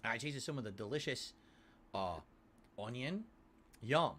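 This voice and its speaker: A man reviewing a sandwich on stream while he eats, describing each bite slowly and with relish. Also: medium pitch, expressive, a bit bright. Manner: savoring, drawn-out descriptions between bites. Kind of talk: food review while eating.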